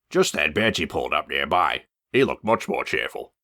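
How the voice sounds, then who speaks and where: Deep voiced guy reading a kids story, bright and lively. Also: normal speed, few pauses. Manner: lively, expressive narration.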